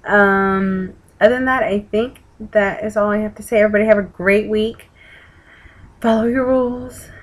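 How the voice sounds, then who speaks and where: A woman's voice: mid-range voice, fairly even intonation, normal speed, rough recording. A woman with a Texan accent, tired and yawning, chatting casually to camera from home in a rambling way with the odd swear. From Texas. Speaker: weight-loss vlogger. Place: home room with an open window. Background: outside noise through the window.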